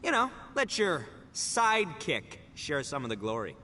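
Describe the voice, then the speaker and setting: A brash, cocky self-styled boss. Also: male voice, on the high side, huge pitch swings, normal speed, noisy background. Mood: teasing. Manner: cocky, teasing.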